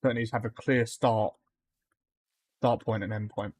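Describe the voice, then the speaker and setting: A man's voice: on the low side, steady tone, moderate pace, a little mellow, breathy edge. A man streaming a game live, chatting casually with his viewers and greeting them by name, with plenty of ums. He says his accent can be hard to follow.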